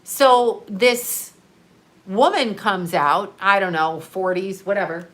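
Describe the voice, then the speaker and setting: A middle-aged woman telling a story in a casual livestream, animated and profane, laughing often. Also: mid-range voice, takes it slowly. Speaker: live streamer.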